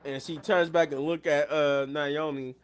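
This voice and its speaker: A man hosting a live show, retelling events in a casual, animated recap and acting out the quotes. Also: a little high, measured pace, clean tone.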